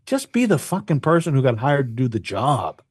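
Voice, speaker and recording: A man's voice: medium pitch, huge pitch swings, brisk, a little mellow, husky, no room sound. Former radio guy on a podcast, cusses a lot, keeps repeating himself, super dry sound. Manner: profane, emphatic, repeats words. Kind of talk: casual chat.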